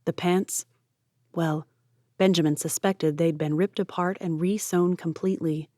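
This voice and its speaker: Woman reading an audiobook, lowish voice, steady, dry close mic. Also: a little slow, no room sound. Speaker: audiobook narrator. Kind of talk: audiobook narration.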